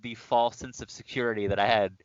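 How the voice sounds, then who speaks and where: A man's voice: on the low side, brisk, clean tone, no room sound, dull audio. A man co-hosting a podcast, telling a story in casual chat, acting out quotes and laughing. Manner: animated, laughing, acts out quotes. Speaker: podcast co-host.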